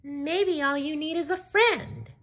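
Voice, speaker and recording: A man's voice: takes it slowly, a bit bright, exaggerated voice. A man voicing a cheerful young sea sponge boy in a storybook read-aloud, eager and friendly. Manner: eager, friendly, squeaky high voice.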